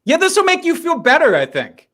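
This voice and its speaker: Animated, joking podcast man. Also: very high voice, brisk. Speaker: podcast co-host. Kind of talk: casual chat over drinks.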